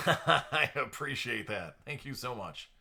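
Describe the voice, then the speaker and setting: Bright-voiced man, chatty stream host. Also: medium pitch, lively intonation, takes it slowly, creaky, slightly rough. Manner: projected radio-style delivery, chatty. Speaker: live stream card breaker host. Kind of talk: casual live stream chat. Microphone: entry-level studio microphone.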